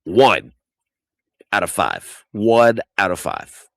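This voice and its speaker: Brief: man in his thirties, casual wrestling-recap host, lively swooping delivery, profane rants, dry close sound. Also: slow pace, creaky, dry recording. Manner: animated ranting, swings loud and high when outraged; profane, exasperated. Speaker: podcast host.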